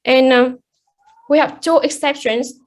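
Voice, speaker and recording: High-voiced young woman presenting in class. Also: fairly even intonation, a little slow. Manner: hesitant, many fillers and restarts. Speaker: student presenter.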